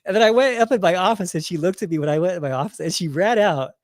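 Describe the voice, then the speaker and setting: Fast-talking man rambling through a story. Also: high voice, no echo, clean studio sound. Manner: rambling, filler-heavy storytelling with many restarts. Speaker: fitness coach and podcast host. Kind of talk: casual chat.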